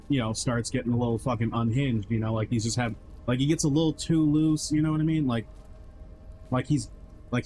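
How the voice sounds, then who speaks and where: A man's voice: medium pitch, a little mellow, a little hiss or hum, rough recording. A man streamer telling a long, rambling story in casual chat, heavy on swearing and filler words, acting out what others said. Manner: rambling, profane, lots of fillers and quoted voices.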